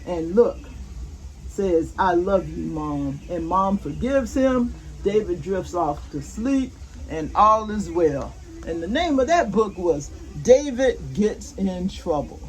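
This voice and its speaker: A woman's voice: medium pitch, expressive, low-quality recording. An older woman, reading a picture book aloud to her grandchildren and asking them questions. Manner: slow, gentle, asks the listener questions. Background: faint roofing work noise.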